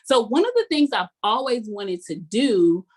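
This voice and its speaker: A woman life coach giving a motivational talk in a folksy, sermon-like way, repeating key phrases slowly for emphasis. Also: fairly high pitch, very animated, breathy edge. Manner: folksy and sermon-like, calls the audience "y'all" constantly.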